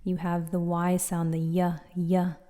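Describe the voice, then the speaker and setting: A woman with a mellow, fairly low voice explains pronunciation in a clear, patient teaching manner. She demonstrates sounds aloud as she goes. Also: monotone, measured pace. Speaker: Quran recitation teacher. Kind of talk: instructional explainer.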